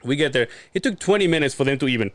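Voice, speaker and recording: Joking podcast host, dry close sound. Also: male voice, medium pitch, racing, no echo. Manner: joking, crude and animated storytelling. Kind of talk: casual podcast banter.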